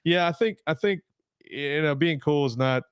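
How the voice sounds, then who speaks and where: At a moderate pace and slightly high pitch, a Marine veteran in his forties tells his story as a podcast guest. His tone is clean and echo-free, studio quality through a desk podcast mic, and he rambles casually with fillers and restarts.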